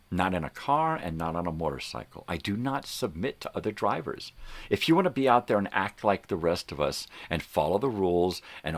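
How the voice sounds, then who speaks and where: A man's voice: sits low, fairly bright tone, no echo. An older man hosting a morning livestream from home, ranting heatedly with lots of swearing and mocking impressions of other people. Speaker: host. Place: home room with a fan running.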